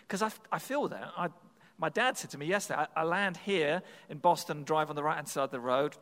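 A man's voice: on the high side, brisk, a bit bright. Earnest man sharing a testimony in a reverberant hall. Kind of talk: personal faith testimony.

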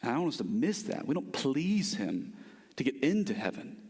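A man's voice: medium pitch, big pitch swings, moderate pace, a little mellow, slightly rough. A man from the United States preaching a sermon as pastor, earnest and emphatic, repeating key phrases for stress. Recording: long reverb of a large hall.

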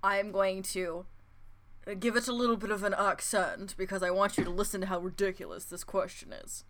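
Giggly bright-voiced woman podcaster. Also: mid-range voice, steady tone, a little fast, slight background noise. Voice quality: giggly, playful, trails off mid-sentence. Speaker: podcast co-host. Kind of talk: casual chat.

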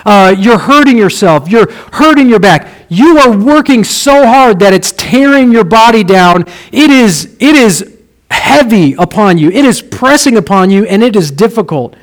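Pastor, male, high-pitched, expressive sermon delivery with soft low drops for emphasis. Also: moderate pace, poor audio.

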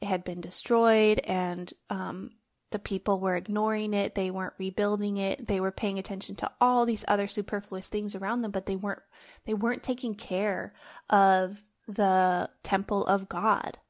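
A woman's voice: medium pitch, steady tone, moderate pace. A woman hosting a faith-based podcast, talking in an earnest, heartfelt, conversational way and recording at home on her phone. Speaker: podcast host.

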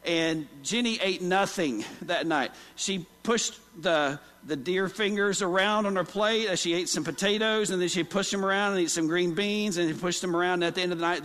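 High-voiced preacher in a reverberant church. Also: male voice, moderate pace, a bit bright. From Oklahoma. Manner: folksy storytelling, asks the congregation questions. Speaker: pastor. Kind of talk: sermon. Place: church sanctuary. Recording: long hall reverb.

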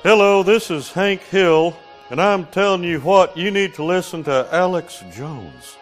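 A gruff, folksy middle-aged Texan dad, as a man puts him on, drawling each word out high and slow. It comes in as a played clip with faint music underneath.

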